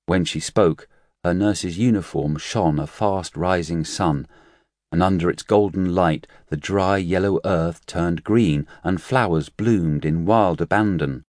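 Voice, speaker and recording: A man narrates a novel in a deep, low voice with measured, even pacing. The recording is dry and close, with no room sound. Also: no echo. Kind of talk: audiobook narration.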